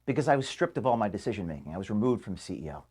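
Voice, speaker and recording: A man in his thirties giving an emotional farewell speech to his staff in an office, halting and restarting as he speaks. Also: on the low side, sing-song, a little mellow, slightly rough. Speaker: organization founder addressing staff. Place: office, indoors.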